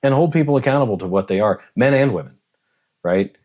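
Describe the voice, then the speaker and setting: A man's voice: mid-range voice, fast talker, muffled recording. A man in his forties talking as a podcast guest, blunt and swearing freely, acting out dialogue as he tells stories. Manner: animated storyteller, acts out dialogue. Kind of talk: casual conversation.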